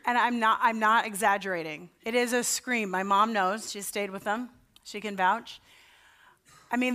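A woman's voice: medium pitch, sharp tone. A woman pastor giving a sermon in a chatty, story-telling way, with self-deprecating asides.

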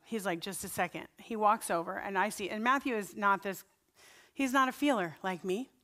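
A woman's voice: mid-range voice, moderate pace. A woman pastor preaching a sermon, telling personal stories in a conversational, earnest way before leading a prayer. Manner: conversational storytelling, earnest and animated.

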